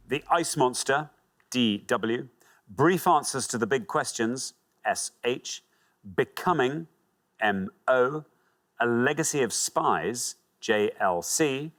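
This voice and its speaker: A man hosting a TV quiz show, reading clues crisply and announcing scores. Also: mid-range voice. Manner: lively, reads clues crisply. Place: TV studio.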